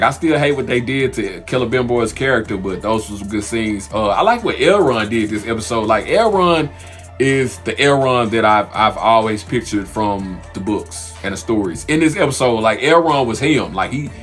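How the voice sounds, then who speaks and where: A man in the middle pitch range rambles through a TV episode recap in a loose, animated way, stopping and restarting his thoughts as he goes. Faint music plays underneath his voice. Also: moderate pace. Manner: animated, loose and conversational with many fillers and restarts. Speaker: TV recap host. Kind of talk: casual spoken TV episode review.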